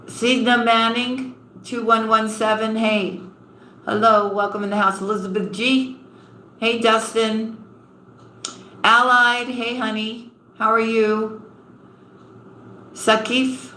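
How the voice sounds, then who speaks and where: Unhurried, bright-voiced woman doing a live tarot reading, affectionate with her viewers, in a roomy space. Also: fairly high pitch, level tone, slight background noise. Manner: affectionate, calls viewers honey and sweetheart. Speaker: tarot reader. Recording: roomy echo with faint ambience.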